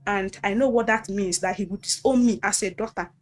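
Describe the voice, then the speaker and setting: A woman with a Nigerian accent giving a personal testimony in an earnest, halting way, often repeating phrases and restarting. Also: medium pitch. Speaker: guest recounting abuse.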